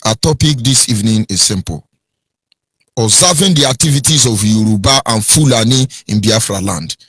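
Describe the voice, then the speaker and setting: A man with a Nigerian accent anchoring a radio talk show, preachy and emphatic, swinging from low and grave to high and heated. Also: normal speed, fairly bright tone, husky, no echo.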